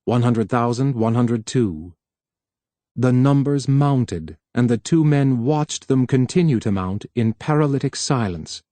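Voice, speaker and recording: Steady male audiobook narrator. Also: mid-range voice, no room sound. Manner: steady, measured reading. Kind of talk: scripted narration.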